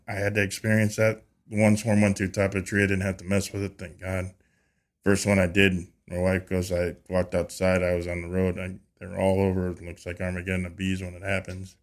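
Speaking as a guest on a podcast, a man who works as a beekeeper recounts a tale casually, his voice on the lower side. He often backtracks and repeats words, and he livens up quoted dialogue with character voices.

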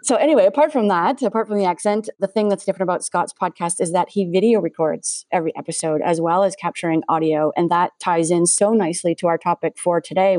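A woman's voice: on the low side, dark tone, no room sound, clean studio sound. A woman with a Canadian accent hosting a podcast interview, talking in an upbeat, conversational way. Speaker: podcast host.

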